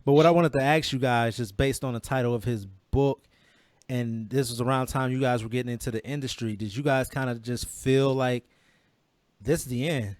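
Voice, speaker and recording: A man's voice: medium pitch, steady tone, a little fast, a little mellow, dry recording. A man hosting a podcast, asking questions and cracking jokes. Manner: inquisitive, joking. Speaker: podcast host. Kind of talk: casual podcast chat.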